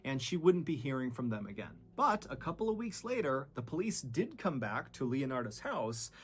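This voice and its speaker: Man, true crime storyteller, dramatic delivery, swings between loud and hushed. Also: sing-song, moderate pace. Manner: dramatic, shifts pitch and loudness for suspense.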